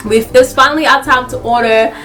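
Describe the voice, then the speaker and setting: Young woman vlogger telling a story, laughing all through it, kinda high voice. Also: a little fast, soft background music. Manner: animated, laughs a lot while telling. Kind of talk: casual story time.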